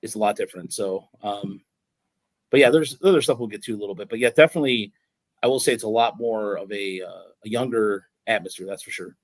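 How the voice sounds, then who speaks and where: A man chatting on a sports podcast, his voice close and dry with no room sound. He wanders through stories full of restarts and gets animated when something excites him. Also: lowish voice, fairly quick, dry recording, low-quality recording. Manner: rambling, many restarts and fillers, excited storytelling. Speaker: podcast host. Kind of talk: casual sports podcast chat.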